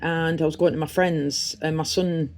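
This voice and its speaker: A woman's voice: low-pitched, steady tone, normal speed, a little mellow. A middle-aged woman from the North East with a Teesside accent, chatting casually and rambling through an unboxing vlog. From Redcar, North East England. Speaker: vlogger.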